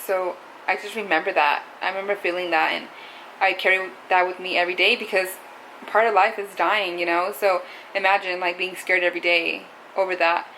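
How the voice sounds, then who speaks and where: A woman's voice: fairly low pitch, fairly even intonation, fairly quick, sharp tone, a little hiss or hum, rough recording. A young adult woman talking to camera in a casual, confessional vlog, rambling and saying "like" a lot. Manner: rambling, heavy use of "like". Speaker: vlogger.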